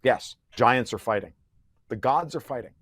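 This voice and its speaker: A man's voice: mid-range voice, moderate pace, a bit bright. A man who is a podcast guest, talking in a heated conversational rant. He is profane and sarcastic, and he often restarts his sentences.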